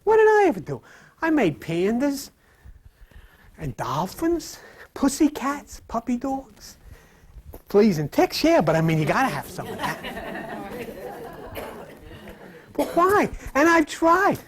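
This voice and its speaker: Animated man giving an informal sermon. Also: extremely high pitch, slow pace, pauses often, breathy edge. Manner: lively, conversational, acts out quoted voices. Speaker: spiritual teacher. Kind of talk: informal sermon to a live audience. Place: room with live audience.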